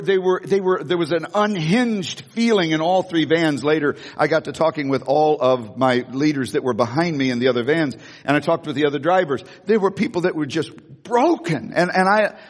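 Animated preacher man in a reverberant hall. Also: on the high side. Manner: animated, acts out voices, frequent restarts. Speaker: pastor. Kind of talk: sermon with storytelling.

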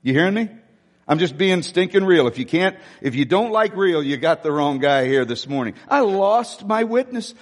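A man preaching a sermon, telling a personal story candidly and emotionally, swinging from loud to hushed. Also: high voice, big-room sound. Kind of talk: sermon testimony.

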